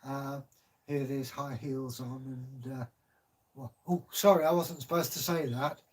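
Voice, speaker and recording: A man's voice: mid-range voice, unhurried. An older man from Kent with a southern English accent, chatting casually on a livestream as channel host, rambling with many hesitations. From Kent, England.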